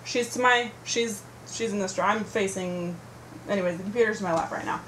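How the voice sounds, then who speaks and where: A woman's voice: medium pitch, brisk, fairly bright tone, a little hiss or hum. A woman telling a story to her computer camera at home in a casual, rambling, profane rant. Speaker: vlogger. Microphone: computer webcam mic.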